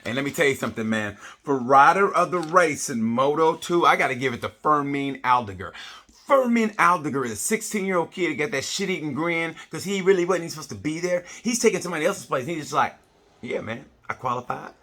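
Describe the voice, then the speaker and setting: A man's voice: fairly high pitch, animated, fast, pushed and bright. A middle-aged man giving a casual comedic race review, blunt, profane and rambling. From United States. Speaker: motorsport vlogger.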